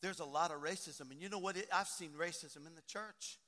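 A man preaching a sermon, swinging from quiet talk to shouting. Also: on the high side, brisk. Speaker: pastor. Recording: long hall reverb.

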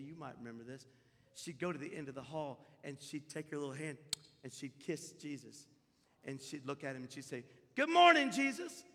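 A man's voice: mid-range voice, vocal fry. A middle-aged male pastor preaching a sermon, telling stories and rising to impassioned peaks. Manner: impassioned, storytelling, swells loud at peaks. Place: church sanctuary. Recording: reverberant church hall.

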